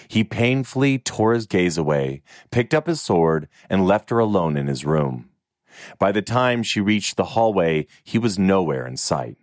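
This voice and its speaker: A man narrating a fantasy novel in an expressive, even storytelling manner. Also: low voice, a little slow, no echo, clean studio sound. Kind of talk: audiobook narration.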